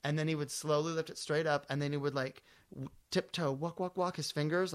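A man's voice: fairly high pitch, fairly even intonation, brisk, few pauses, smooth. A man co-hosting a podcast, teasing and crude, telling a long story with lots of energy. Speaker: podcast co-host. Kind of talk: casual comedic chat.

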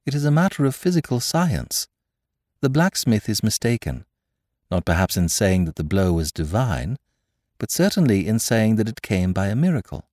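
A man voicing a cheerful small priest-detective in a dramatized story reading, speaking gently with quiet amusement. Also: on the low side, very animated, moderate pace, no echo, studio quality. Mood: mild, amused. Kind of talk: audiobook character voice.

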